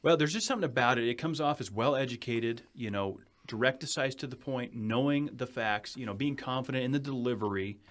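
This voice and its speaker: A man with a New England accent hosting a casual podcast chat in a studio, eager and quick with his opinions. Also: medium pitch, fairly bright tone. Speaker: podcast host. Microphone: studio microphone.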